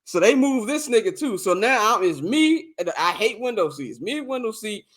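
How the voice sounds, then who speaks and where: On a podcast, this young co-host's voice sits high and moves at a moderate pace. He tells a lengthy story loaded with profanity, animatedly voicing everyone involved and acting out what they said to each other.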